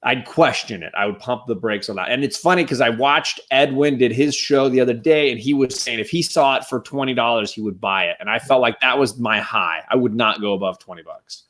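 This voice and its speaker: A man on a casual live stream, giving enthusiastic shout-outs to the chat as a guest co-host. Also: medium pitch, fairly quick, few pauses.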